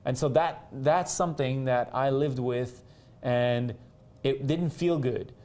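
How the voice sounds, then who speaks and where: A co-host whose first language is French speaks haltingly, restarting often as he reflects in conversation with his partner. His voice is mid-range and mellow.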